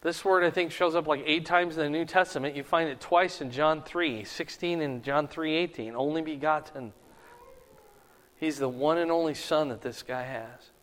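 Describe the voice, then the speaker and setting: This verse-by-verse sermon is conversational, with the man often checking in on his listeners. His voice is on the high side and a bit bright, at a normal speed, echoing with a hall's long reverb.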